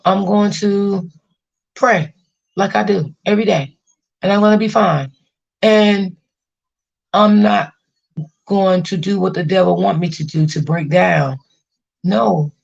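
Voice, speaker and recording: A woman's voice: fairly low pitch, steady tone, a little slow, vocal fry, pauses often, a little mellow, dull audio. A woman hosting a casual livestream, venting about family and reassuring her chat viewers, often repeating herself. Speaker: livestream host.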